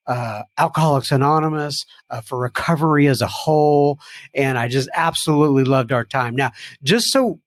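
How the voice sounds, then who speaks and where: A man's voice: fairly high pitch, no room sound. A man hosting a podcast, chatting casually with his guest, chuckling often and using many fillers. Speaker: podcast host. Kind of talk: casual interview chat.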